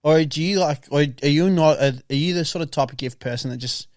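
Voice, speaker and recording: A man's voice: fairly high pitch, a little fast, darkish tone, no room sound, studio quality. A young man, co-hosting a podcast, chatting casually with teasing, swearing and rambling questions. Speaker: podcast co-host. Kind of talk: casual chat.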